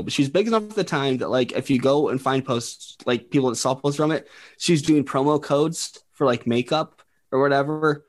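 A man hosting a casual podcast, rambling with lots of fillers and laughing at his own jokes. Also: mid-range voice. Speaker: podcast host presenting the topic.

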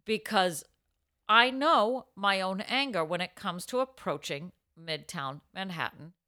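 Podcast lady, bright voice, chatty and jokey, tells stories fast and loose. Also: medium pitch. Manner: chatty storyteller, animated and joking. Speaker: podcast co-host. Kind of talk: casual chat.

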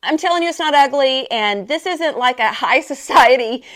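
A woman hosts her podcast in a lively, chatty voice that sits a little high. Her pitch swoops up and down as she tells a story. She laughs easily and often repeats her phrases. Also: moderate pace. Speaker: podcast host and personal trainer. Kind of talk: casual chat, storytelling.

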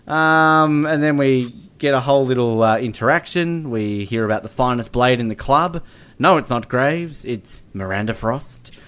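A man's voice: mid-range voice, unhurried, fairly bright tone, clear, resonant tone. Rambling man chatting about films. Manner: rambling, many ums, bursts into playful impressions. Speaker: podcast co-host. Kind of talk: casual film review chat.

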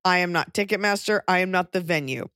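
A pregnant woman hosting a podcast, talking in casual chat with wry, deadpan jokey rants. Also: fairly low pitch, fast, no echo, clean studio sound. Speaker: podcast host and touring comedian.

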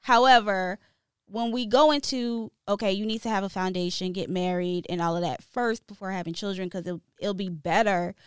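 Smooth-voiced woman gently pushing back. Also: mid-range voice, steady tone, moderate pace, dry recording, clean studio sound. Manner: affirming listener, gently pushes back. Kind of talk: casual discussion.

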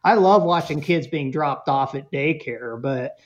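Animated man telling parenting stories. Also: a little high, unhurried, lo-fi sound. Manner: animated storyteller, acts out voices, jokey. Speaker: guest parenting expert. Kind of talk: casual interview chat.

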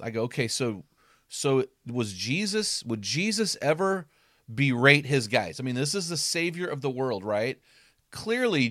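A man, a former football coach, talking through Bible passages in an animated casual way, acting out quotes with loud bursts. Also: mid-range voice, no echo, studio quality. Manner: emphatic, acts out quotes with sudden loud bursts.

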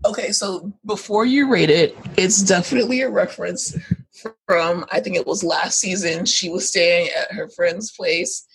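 A young woman co-hosting a podcast, chatting casually, laughing often and throwing in quick asides. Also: lowish voice, slightly rough, rough recording. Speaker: podcast co-host. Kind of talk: casual chat.

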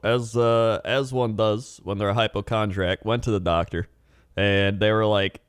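A man's voice: fairly low pitch, fairly even intonation, moderate pace, clear, resonant tone, dry recording, clean studio sound. A man co-hosting a casual comedy podcast, easygoing and rambling, laughing often. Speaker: podcast co-host.

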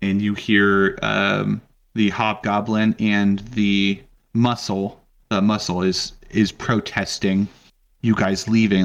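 Low-voiced male game master. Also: slow, creaky, muffled recording. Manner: relaxed, with frequent ums. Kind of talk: narrating a tabletop game.

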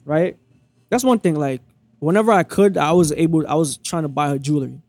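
A man's voice: fairly high pitch, a little fast, a little mellow, no room sound. A young man telling a personal story in blunt, profane casual talk, acting out the dialogue as he goes.

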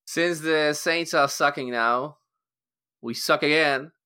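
A man co-hosting a podcast, reading out a trivia question in a mock-glum, deliberate way. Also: fairly high pitch, pushed and bright, clean tone.

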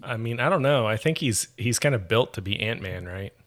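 A man's voice: medium pitch, lively intonation, fairly quick. A man co-hosting a podcast, chatting casually and thoughtfully, often correcting himself. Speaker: podcast co-host. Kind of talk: casual chat.

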